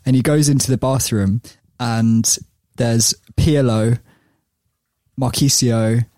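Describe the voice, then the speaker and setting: A man hosts a podcast, telling a story in a chatty, laughing way with plenty of restarts. His voice sits at a medium pitch. The sound is dry and close. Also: steady tone, takes it slowly, darkish tone, dry recording. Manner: chatty, laughs often, many fillers and restarts. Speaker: podcast host.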